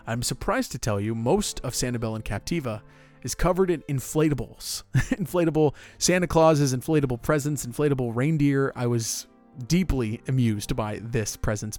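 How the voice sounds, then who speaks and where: A man's voice: mid-range voice, darkish tone. Enthusiastic man hosting a chat. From Florida, United States. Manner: enthusiastic, chatty, laughs often. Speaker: podcast host. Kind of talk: casual chat.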